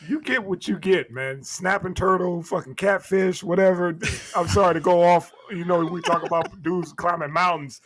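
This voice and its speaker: A man's voice: high-pitched, normal speed, hardly any pauses, a bit bright. A man co-hosting a podcast, telling stories in loose, profane chat. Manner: profane, storytelling. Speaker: podcast co-host.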